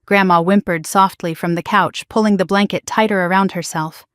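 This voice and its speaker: A woman narrating a dramatic first-person family story in a hushed, emotional way on a close mic. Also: mid-range voice, fairly even intonation, moderate pace, no room sound.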